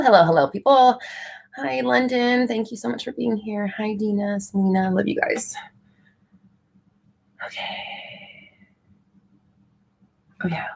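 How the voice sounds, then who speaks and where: A woman's voice: medium pitch, takes it slowly, creaky, pauses often, darkish tone. A young woman hosting a casual live stream, answering viewer questions in a chatty, frank way with casual swearing.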